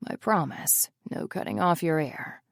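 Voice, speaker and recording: A woman softly voicing a tender protective lover. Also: deep voice, big pitch swings, unhurried, creaky, dry recording, studio quality, heavily acted. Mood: hushed tender.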